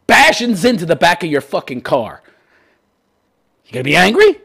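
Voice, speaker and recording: Gravelly man ranting with swinging pitch. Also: wildly swooping pitch, normal speed, long pauses, fairly bright tone. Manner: profane and sarcastic, repeats "wait, wait". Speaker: host of a call-in commentary show. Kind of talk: ranting commentary on a listener's letter.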